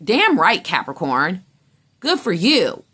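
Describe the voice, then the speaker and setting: A woman's voice: fairly low pitch, huge pitch swings, slow, bright, forceful tone, slightly rough. A woman giving a casual tarot reading in a blunt, emphatic way, swearing freely and acting out how other people react. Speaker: tarot reader.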